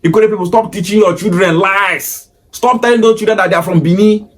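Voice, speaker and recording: A man's voice: sits high, steady tone, a little fast. A Nigerian man with a Pidgin-inflected English accent, delivering an emphatic, repetitive opinion monologue in a lecturing tone. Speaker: commentator.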